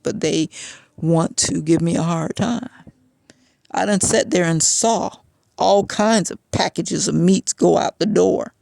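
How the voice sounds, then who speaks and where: A woman's voice: lowish voice, slow pace, vocal fry, dark tone, dry recording. A woman telling a personal story in a frustrated, agitated way, as a vlog rant.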